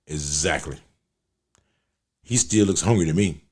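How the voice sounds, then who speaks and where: A man's voice: deep voice, animated, a little slow, pauses often, a little mellow, breathy edge. A man hosting a podcast, telling a rambling anecdote in a blunt, profane, casual way. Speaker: podcast host. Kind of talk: casual storytelling monologue.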